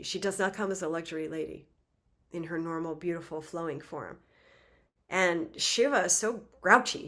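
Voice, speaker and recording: A woman giving a spiritual talk, telling a myth in a lively, conversational way with casual asides. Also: lowish voice. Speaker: spiritual teacher. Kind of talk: casual storytelling lecture.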